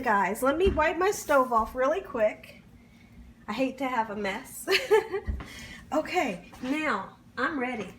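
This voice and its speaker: A woman's voice: high voice, fairly bright tone, a little hiss or hum. A woman hosting a home cooking vlog in her kitchen, enthusiastic, often calling out to her viewers and humming as she tastes. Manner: enthusiastic, keeps saying "guys", hums while tasting. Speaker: home cooking channel host.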